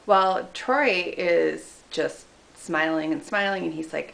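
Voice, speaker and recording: A woman casually telling funny personal stories about a friend, animated and self-mocking, laughing as she goes. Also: fairly low pitch, measured pace, gravelly, hardly any pauses.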